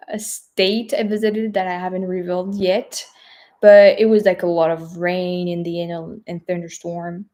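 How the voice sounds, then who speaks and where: A French woman with a medium-pitched voice and a French accent talks slowly as a travel vlogger, reading viewer questions in a live stream chat. She is hesitant, uses many fillers and drifts into soft, trailing asides.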